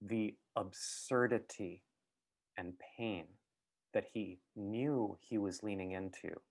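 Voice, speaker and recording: Thoughtful, halting man with a low voice. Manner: thoughtful, halting, with many fillers and restarts. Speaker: guest speaker. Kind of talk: reflective talk.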